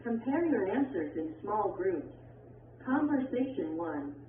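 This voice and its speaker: A woman reading an English textbook lesson aloud, slow and clear, voicing the sample dialogues herself. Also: medium pitch, big pitch swings, slight background noise. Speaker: textbook audio reader. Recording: tinny lo-fi audio in an echoey room from a distance.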